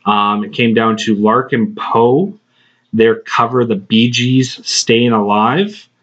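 A man in the host's chair of a casual podcast, spinning a meandering story with plenty of swearing and small laughs. His voice sits at an ordinary pitch. The recording is slightly muffled and lo-fi. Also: steady tone, slow pace, fairly bright tone. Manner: profane, rambling, laughing between phrases. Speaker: podcast host.

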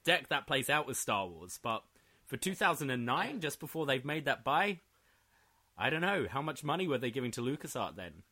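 A man co-hosting a casual movie podcast, chatty and quick to laugh. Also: medium pitch, very animated, sharp tone, slightly rough. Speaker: podcast co-host. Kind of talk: casual movie-review chat.

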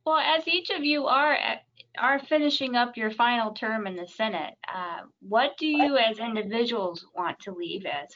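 A woman's voice: a little high, lively intonation, moderate pace, a bit bright. A woman hosting an interview, asking questions in a friendly, direct way. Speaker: interview host. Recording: dull lo-fi sound with faint noise.

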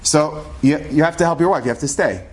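A man voicing a rabbi giving firm advice, in a slightly lower and quicker tone. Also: lightly acted. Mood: advising.

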